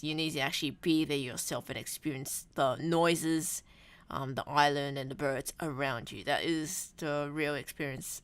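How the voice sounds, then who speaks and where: A woman's voice: low-pitched, a bit bright, clear, resonant tone, no echo. A young woman rambling casually in a video blog, full of restarts and self-deprecating asides. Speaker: vlogger. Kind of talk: rambling travel vlog chat.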